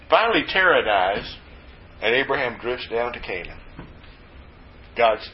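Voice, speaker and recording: A man preaching a sermon in a folksy, joking manner with lively emphasis and asides. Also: mid-range voice, normal speed, pauses often, slight background noise. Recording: slightly dull lo-fi recording with faint ambience.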